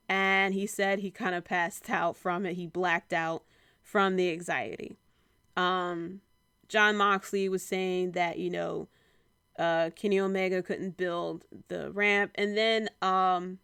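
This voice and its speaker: Chatty young woman with a smooth, dry voice. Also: lowish voice, dry recording. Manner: chatty, many fillers, quotes people in animated bursts. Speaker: podcast host reviewing wrestling. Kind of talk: casual solo review.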